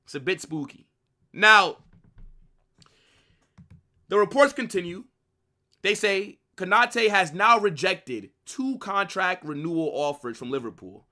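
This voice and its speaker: A man's voice: sits high, expressive, unhurried, pauses often, bright, forceful tone. A young man hosting a football channel, ranting with brash slang in a fan commentary style.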